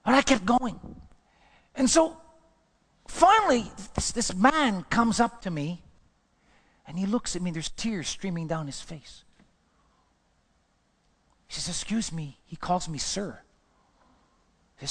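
A man preaching a sermon, telling a personal story in a lively way and jumping his voice up when he acts out what he said. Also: high-pitched, normal speed, pauses often. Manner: animated storytelling, voice jumps up when acting out his own words. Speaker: pastor. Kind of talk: sermon testimony. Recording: long hall reverb.

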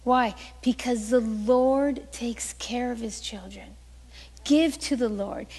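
A woman's voice: a little high, takes it slowly, a little mellow, breathy edge, in a large hall. A woman pastor preaching a sermon, telling stories animatedly and acting out the voices she quotes.

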